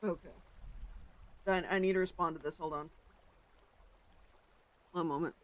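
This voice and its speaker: A livestreamer talking off the cuff with viewers in a loose, rambling way. The chat drifts between topics and is broken by sudden loud exclamations. The voice sits at a middle pitch. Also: steady tone, unhurried. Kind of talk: casual chat with stream chat.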